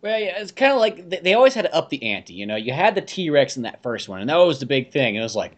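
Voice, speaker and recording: A man's voice: a little high, fast. Joking podcast guy, voice bounces all over, laughs a bunch. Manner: jokey, animated, laughs a lot. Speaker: podcast co-host. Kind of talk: casual movie chat.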